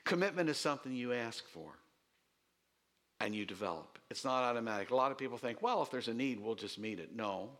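Animated preaching man, lively pitch. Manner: animated preaching, swooping pitch, quick asides; repeats key lines for emphasis. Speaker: pastor. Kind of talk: sermon.

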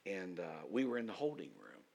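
A man preaching a sermon as pastor, telling stories and rising to loud, emphatic outbursts. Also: low-pitched, huge pitch swings, brisk, gravelly, slightly rough.

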